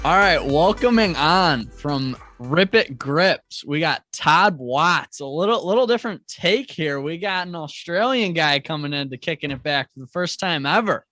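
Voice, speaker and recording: A man's voice: fairly high pitch, lively intonation, moderate pace, few pauses, bright, forceful tone, faint music behind. A man from Cleveland, Ohio, hosting a podcast in easygoing casual chat. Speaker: podcast host.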